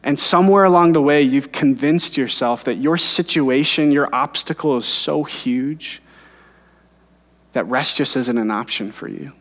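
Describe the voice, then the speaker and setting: A man's voice: mid-range voice, measured pace, a bit bright. Earnest preacher man in a reverberant hall. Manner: earnest, personal storytelling. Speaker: pastor. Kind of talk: sermon.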